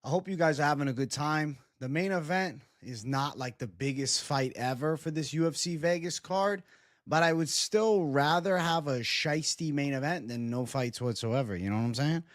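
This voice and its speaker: A man hosting a casual livestream and chatting with viewers, animated and profane. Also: a little high, normal speed, no echo, clean studio sound. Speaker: livestream host.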